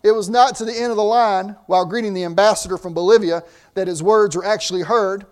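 A man's voice: high voice, fairly even intonation, fast. A man preaching a sermon in a conversational way, with asides and restarts.

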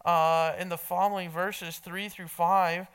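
Bright-voiced male pastor preaching earnestly. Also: high voice, level tone, a little slow, clean tone. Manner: earnest preaching with emphatic repetition; talks directly to listeners in the room. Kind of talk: sermon.

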